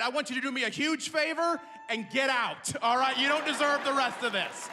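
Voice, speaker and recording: A man's voice: very high-pitched, a little fast, few pauses, pushed and bright, some chatter behind, a little hiss or hum. A man doing dry, self-deprecating stand-up comedy on a theater stage. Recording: reverberant theater with audience.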